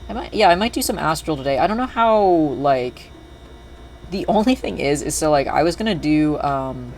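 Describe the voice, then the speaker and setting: Streaming a game, this young man rambles in casual chat, interrupting himself and restarting often amid lots of filler words. He sounds a little high and expressive at a normal speed, with a slight hiss or hum on the recording.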